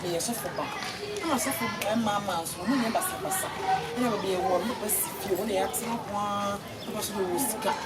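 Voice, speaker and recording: A woman's voice: medium pitch, brisk. Scolding woman, far off in a crowd. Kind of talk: comedy skit dialogue. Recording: distant mic, loud crowd and noise.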